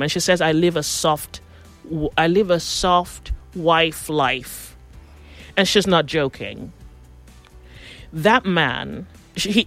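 A woman chatting casually, telling gossipy stories and acting out what people said. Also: lowish voice. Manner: animated gossipy storyteller, acts out quotes. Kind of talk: casual chat, storytelling.

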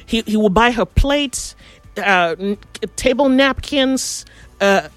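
Animated woman telling gossip stories. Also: on the high side, takes it slowly, dry recording, soft background music. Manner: animated gossipy storyteller, acts out quotes. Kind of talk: casual chat, storytelling.

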